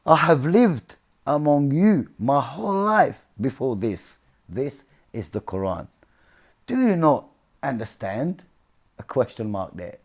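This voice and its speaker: This religious commentator talks slowly but with a very animated delivery at a medium pitch. Explaining scripture informally, he stays earnest and keeps asking his listeners "yeah?" and "see?".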